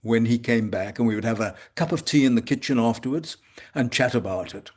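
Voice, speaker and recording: An older man with a mid-range voice speaks slowly and reflectively. He pauses often and picks his words with care, talking from his consulting room at home. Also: medium pitch, a little mellow. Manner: measured, halting with frequent pauses. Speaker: homeopath guest. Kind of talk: reflective conversation.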